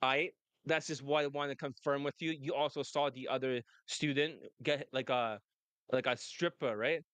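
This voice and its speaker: A man's voice: mid-range voice, fairly even intonation, normal speed, fairly bright tone, clean tone, no echo. A man coaching on dating, talking brashly and laughing often in casual chat. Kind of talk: casual monologue and phone call.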